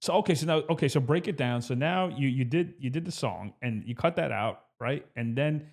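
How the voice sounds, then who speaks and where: A man's voice: mid-range voice, expressive, fairly quick, vocal fry, darkish tone. A man hosting a casual interview, prompting his guest with loose, laughing follow-up questions. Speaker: podcast host.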